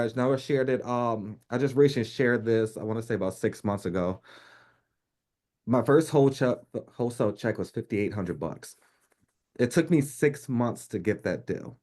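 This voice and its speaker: A man in his thirties from New York, telling a personal story in casual conversation, laughing often and acting out the voices of people he quotes. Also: mid-range voice. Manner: animated, laughs often, acts out quoted speech. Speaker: podcast guest.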